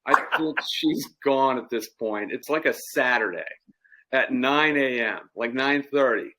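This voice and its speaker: Man, middle-aged, podcast co-host, casual storytelling, very lively pitch, bright tone. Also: a little slow. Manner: animated storyteller, laughs at his own anecdotes.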